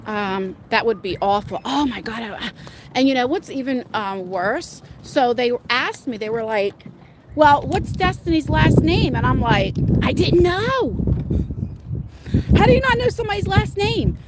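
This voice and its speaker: A middle-aged woman livestreaming from her phone on an outdoor walk, telling rambling, excitable stories to her viewers. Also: fairly high pitch, moderate pace, heavy background noise. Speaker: livestream host. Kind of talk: casual live-stream chat. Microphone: phone held at arm's length.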